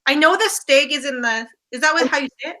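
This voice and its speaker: A woman's voice: high voice, brisk, sharp tone, low-quality recording. A Canadian woman chatting about a book on a video call, rambling and enthusiastic with many fillers. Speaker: guest on a book live show. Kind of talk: casual chat.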